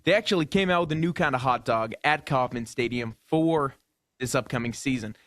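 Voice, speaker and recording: With a mid-range, fairly bright voice, the same sports radio co-host talks a little fast, with no room sound in the recording. He works through prepared topics, poses questions, and cautiously hedges with "I think."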